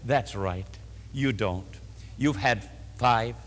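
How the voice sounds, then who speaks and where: A man preaching a sermon voices the lines of a kindly, compassionate male teacher, low, soft and tender, in a reverberant church. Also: big pitch swings, moderate pace, husky, heavily acted.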